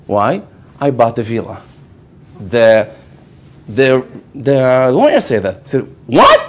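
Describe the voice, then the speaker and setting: Animated man telling a Torah story. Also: medium pitch, slow. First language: Hebrew. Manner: animated storyteller who acts out quoted voices and keeps asking "okay?". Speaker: rabbi giving a lecture. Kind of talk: storytelling Torah lecture to a live audience.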